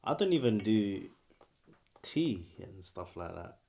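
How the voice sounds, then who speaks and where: Young male co-host, lower pitch, teasing slangy banter. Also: big pitch swings, slow pace, vocal fry, dark tone. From England. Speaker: podcast co-host. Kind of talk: casual chat.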